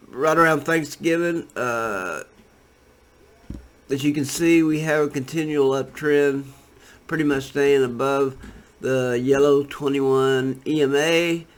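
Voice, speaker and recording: A man's voice: mid-range voice, slow, clean tone. Rambling laid-back man talking crypto charts. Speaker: crypto trading commentator. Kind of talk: casual screen-share commentary.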